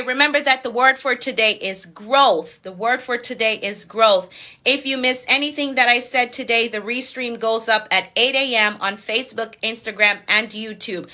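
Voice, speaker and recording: A woman with a Jamaican accent, a productivity coach talking to her live-stream viewers. She recites declarations in a steady pattern and repeats phrases for emphasis. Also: fairly high pitch, moderate pace. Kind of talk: live-stream motivational talk with spoken decrees.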